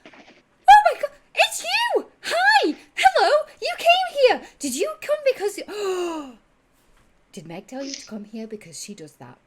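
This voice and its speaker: A woman voicing a small, excitable male tabaxi innkeeper who shrieks his words in a pushy, cheerful rush. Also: very high-pitched, a little slow, very noisy, voice pushed up, heavily acted. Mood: excited.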